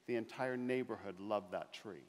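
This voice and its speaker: A middle-aged man giving an inspirational keynote speech, telling stories with slow, emphatic pauses that build to louder climaxes. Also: lowish voice. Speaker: motivational speaker. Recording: long reverb of a large hall.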